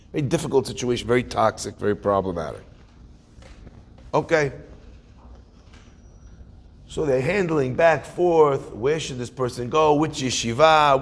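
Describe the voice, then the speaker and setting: A man giving a conversational sermon as a rabbi, asking his listeners questions. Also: mid-range voice. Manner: conversational, animated, asks the audience questions. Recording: hall reverb.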